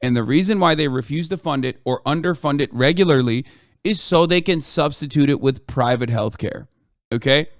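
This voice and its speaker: Blunt, argumentative man with a smooth voice. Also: on the high side, normal speed, no room sound, studio quality. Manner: argumentative and blunt, swears freely. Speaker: live streamer. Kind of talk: heated political commentary.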